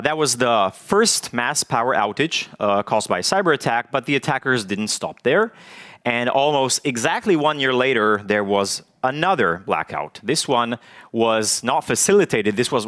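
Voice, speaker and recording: A man giving a technical conference talk, halting often with fillers and restarts. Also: medium pitch, fairly bright tone. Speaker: conference speaker. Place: conference stage.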